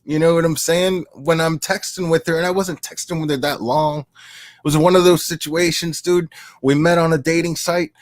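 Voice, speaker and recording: A man's voice: fairly high pitch, steady tone, moderate pace, no echo, studio quality. A man telling a crude personal story in a casual way, often laughing as he goes.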